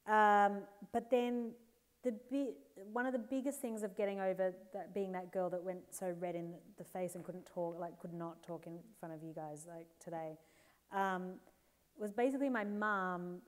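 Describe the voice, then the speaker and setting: An Australian woman in her forties, a guest author telling candid, animated stories on a live stage, laughing and putting on playful voices. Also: on the low side, moderate pace. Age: 40s.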